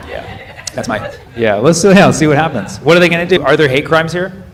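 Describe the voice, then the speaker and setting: A man's voice: on the high side, animated, fairly quick, noisy background. A man doing live stand-up crowd work on stage, quizzing the audience and correcting himself mid-sentence. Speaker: stand-up comedian. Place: comedy club stage. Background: audience laughter and room murmur.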